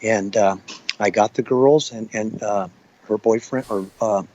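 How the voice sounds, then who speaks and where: A man's voice: fairly low pitch, steady tone, unhurried, darkish tone, muffled recording. A man recounting what he witnessed in an interview, plain-spoken and rambling. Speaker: eyewitness.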